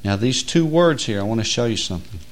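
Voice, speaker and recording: A male preacher giving a sermon, moving between quiet, low explanation and loud, rising emphasis, slowing words down to stress them. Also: animated.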